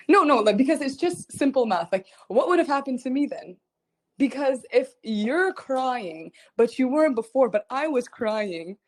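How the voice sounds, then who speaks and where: A young woman, a singer hosting a livestream, chatting casually and telling a story in an animated, rambling way, giggling often and repeating herself. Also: high voice, normal speed. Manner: frequent giggling. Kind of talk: casual chat.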